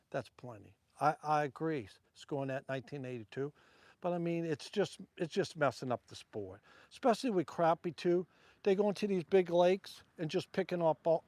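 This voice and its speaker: A man with a Louisiana drawl talks to his livestream viewers while he fishes off a wharf at night. His voice sits a little high for a man, and he rambles loosely from one thought to the next. The sound is dry and close, with no room echo. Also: darkish tone. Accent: Southern US (Louisiana). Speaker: fishing livestreamer. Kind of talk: casual livestream chat while fishing.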